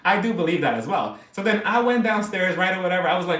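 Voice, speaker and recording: A man hosting a casual live stream, chatting excitably and gossiping about reality TV between laughs. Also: high-pitched, fast talker, hardly any pauses, reverberant.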